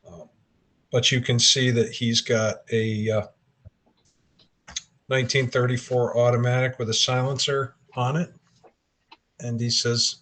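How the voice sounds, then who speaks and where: Male game master, mid-pitched, halting scene narration. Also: level tone, a bit bright. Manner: describes scenes with frequent hesitations.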